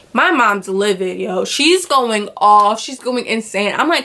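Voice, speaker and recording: A woman's voice: on the high side, measured pace. Young woman vlogger, casual storytime, acts out the voices in her story. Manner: animated retelling, acts out quoted voices, filler "like" often.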